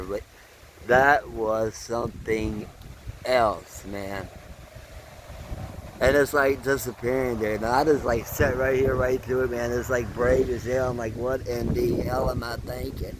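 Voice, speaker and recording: A man filming a storm outdoors on a phone, shouting, cursing and praying as it nears. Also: medium pitch. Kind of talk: storm-chasing phone video. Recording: heavy wind noise on the mic.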